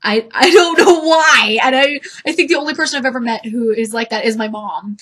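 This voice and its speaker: A woman's voice: a little high, fairly quick, few pauses, fairly bright tone. A woman vlogging from home in a giggly, rambling chat, talking to her cat. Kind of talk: casual chat to camera.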